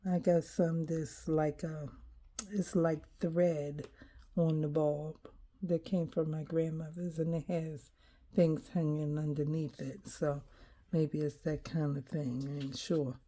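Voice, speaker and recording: A woman quietly talking herself through a coloring page, thinking aloud and often dropping to a whisper. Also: deep voice, flat delivery. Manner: unhurried and hesitant, thinking aloud. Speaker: coloring video creator. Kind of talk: casual narration while coloring.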